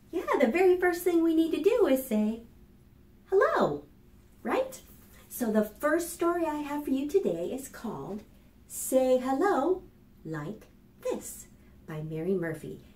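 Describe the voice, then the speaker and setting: A woman reading aloud at a children's storytime, her fairly high voice bouncing up and down in a sing-song way as she talks right to the little ones. She takes her time over each phrase, and the sound carries a roomy echo. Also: measured pace, pauses often. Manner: animated, sing-song, speaks directly to young children. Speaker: children's librarian.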